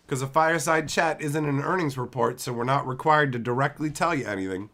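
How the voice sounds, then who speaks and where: A man's voice: mid-range voice, brisk, few pauses, fairly bright tone. A man hosting a live stream, ranting bluntly and sarcastically with lots of swearing and greeting viewers in the chat. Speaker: livestream host. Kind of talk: profane live-stream commentary.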